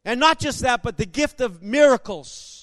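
A man preaching a sermon, telling stories with emphasis and bursting into shouts. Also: very high voice, lively intonation, normal speed, no echo.

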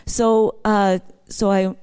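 A woman's voice: medium pitch, level tone, slow, a little mellow, clean tone. Middle-aged woman giving a church testimony, chatty and personal, building to fervent praise. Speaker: worship leader sharing a testimony.

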